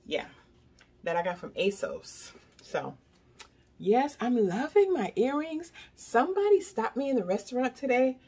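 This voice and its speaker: Older female vlogger, husky, very lively intonation, chatty and repetitive. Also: a little high, a little slow. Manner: chatty, repeats herself, keeps addressing viewers as y'all. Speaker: beauty product vlogger. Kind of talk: casual product review chat.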